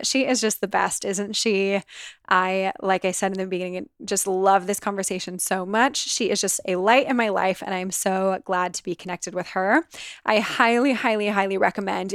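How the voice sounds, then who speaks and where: A woman's voice: mid-range voice, clean tone, dry recording, clean studio sound. A woman hosting a podcast in casual chat, bubbly, laughing often and swearing freely. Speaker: podcast host.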